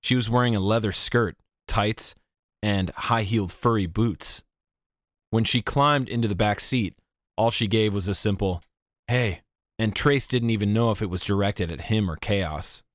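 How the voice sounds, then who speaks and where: Low-voiced man narrating an audiobook. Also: moderate pace, no room sound, clean studio sound. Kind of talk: scripted narration.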